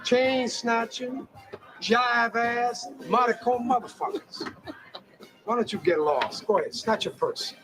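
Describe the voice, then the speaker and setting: A man's voice: very high-pitched, takes it slowly, a bit bright, slightly rough, heavily acted, low-quality recording. An actor playing a contemptuous, threatening male ex-gangster who snarls profane put-downs in a film scene.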